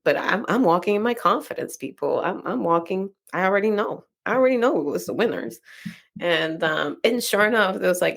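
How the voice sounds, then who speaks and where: A woman's voice: lowish voice, lively intonation, brisk, creaky. A woman with a Dominican accent, hosting a podcast and telling a personal story in a chatty way, full of "like" and "right?". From Dominican Republic. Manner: chatty, frequent "like" and "right?" tags. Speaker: podcast host.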